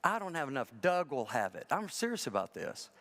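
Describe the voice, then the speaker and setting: Speaking a little fast in a sing-song, slightly high voice with a fairly bright tone, this pastor tells stories through a relaxed sermon. Self-mocking humor and impressions of the people involved run throughout, and the large sanctuary gives the audio a long reverb.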